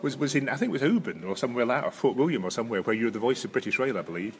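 A Scottish man with a Highland accent, chatting casually as a podcast co-host, rambling through restarts and chuckles. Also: sing-song, very fast, breathy edge. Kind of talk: casual chat.

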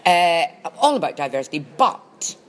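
A woman's voice: on the low side, very animated, moderate pace. A woman co-hosting a comedy podcast in a dry, teasing, precise manner. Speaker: podcast co-host. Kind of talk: casual comedic chat.

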